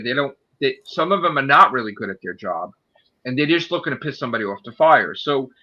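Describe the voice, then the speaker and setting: A man's voice: medium pitch, sharp tone. A man telling a work story in a casual, profane and heated rant. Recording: dull lo-fi audio.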